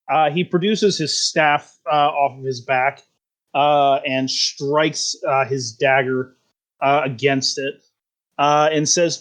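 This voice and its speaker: Slow-talking man running a tabletop game. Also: on the high side, fairly even intonation, fairly bright tone. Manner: laughing often, many fillers. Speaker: game master.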